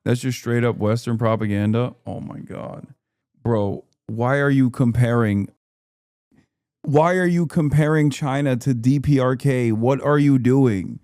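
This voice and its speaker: A man hosting a stream, reacting to a video in rapid, argumentative, exasperated casual commentary. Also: medium pitch, darkish tone, no echo, clean studio sound. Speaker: streamer host.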